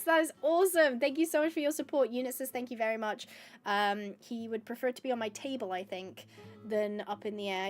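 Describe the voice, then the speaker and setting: A high-pitched woman talks through a casual livestream, bubbly and chatty and full of thanks for her viewers. Quiet music plays faintly underneath her voice. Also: fairly quick. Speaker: livestreaming gamer.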